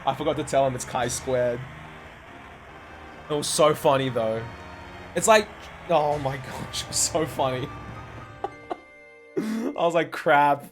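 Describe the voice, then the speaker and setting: A man's voice: a little high, takes it slowly, long pauses, soft background music. Young male streamer; casual, profane, rambling chat while playing. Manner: swears often, rambling anecdotes with fillers. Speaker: speedrunner streaming and chatting.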